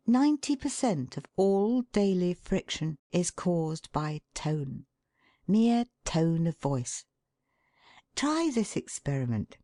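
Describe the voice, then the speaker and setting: A woman with a low voice reads aloud in an expressive, measured way, her pitch rising and falling widely. She takes her time over each phrase. The sound is dry and close. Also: no echo. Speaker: reader of a book excerpt. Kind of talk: scripted narration.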